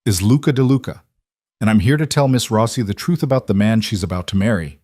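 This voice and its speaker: A man voicing a commanding middle-aged mafia boss who speaks with calm, measured authority in a deep voice. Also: no room sound, clean studio sound, close to an everyday voice.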